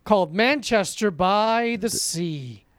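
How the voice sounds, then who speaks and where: A man's voice: high-pitched, animated, slow, fairly bright tone, smooth, no room sound, clean studio sound. A man co-hosting a comedy podcast, joking crudely and trading playful insults with his friend. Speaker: podcast co-host.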